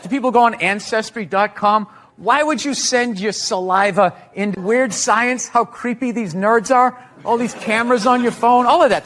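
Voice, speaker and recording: A man riffing bluntly and sarcastically as a comedian, in stand-up and interview clips. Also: high voice. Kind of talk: comedy riffs and interview answers. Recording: clip with loud background noise.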